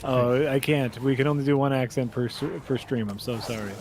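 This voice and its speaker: A man's voice: mid-range voice, steady tone, fairly quick, noisy background. A man co-hosting a game stream in casual chat, joking and laughing often. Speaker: co-host watching a game stream.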